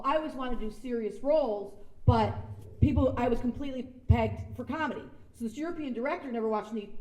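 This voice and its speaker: She's the guest speaker at an event held in a sound stage event space, and the echoey room and distant mic shape her sound. The woman's voice sits a little high and a little mellow. Her speech is casual and chatty, poking fun at herself and acting out the quotes in her stories.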